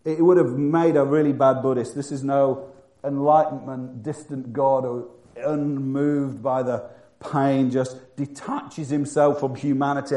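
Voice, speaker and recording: Man, preacher, sermon, dark mellow tone, roomy echo, emphatic then hushed. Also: mid-range voice, fairly even intonation, unhurried. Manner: swings from loud emphatic bursts to hushed, quiet delivery.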